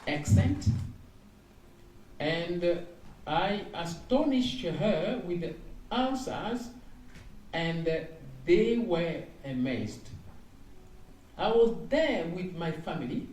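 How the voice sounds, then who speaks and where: A man's voice: sits high, animated, very slow, long pauses, darkish tone, a little hiss or hum. A man preaching as an evangelist, reading out dreams and interpreting them, with frequent exclamations and repeated phrases. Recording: echoey room heard from a distance.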